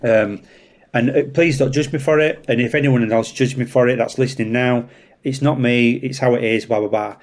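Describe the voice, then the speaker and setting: Yorkshire man telling a lively anecdote. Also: medium pitch, normal speed. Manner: animated, swears freely, acts out voices in anecdotes. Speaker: traffic police officer, guest. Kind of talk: casual storytelling.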